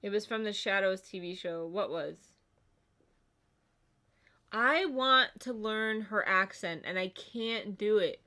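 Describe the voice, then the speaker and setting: A woman's voice: medium pitch, slow, long pauses, pushed and bright. A woman co-hosting a casual livestream chat, rambling and chatty with lots of filler words. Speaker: livestream co-host.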